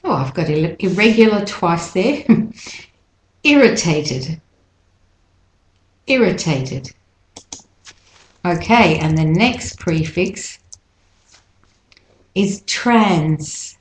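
A woman teaching pronunciation, repeating words slowly and stretching the syllables. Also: fairly low pitch, animated, roomy sound, rough recording. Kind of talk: slow, deliberate pronunciation lesson.

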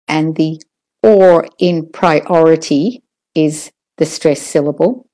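A woman teaching English word stress in a recorded lesson, patiently modelling each word slowly. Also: low voice, dark tone. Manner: slow, patient, drawn-out model words. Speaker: pronunciation teacher.

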